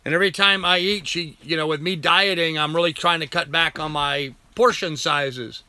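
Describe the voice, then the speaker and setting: A man's voice: on the high side, fairly even intonation, moderate pace, pushed and bright, no echo. An older man hosting a casual live chat from home. He rambles, thanks viewers by name and coos at his dog. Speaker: live-stream host.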